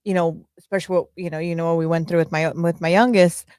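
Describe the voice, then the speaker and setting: A woman's voice: on the low side, steady tone, quick pace, darkish tone, dry recording, clean studio sound. Emotional middle-aged woman podcast host. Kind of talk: casual chat.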